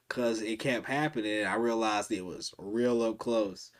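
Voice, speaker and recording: A man in the middle of a long story on stream, talking loosely with plenty of slang, starting sentences over and repeating words as he goes. His voice sits at an ordinary middle pitch for a man. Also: steady tone, a little slow. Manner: rambling, slangy, many restarts and repetitions.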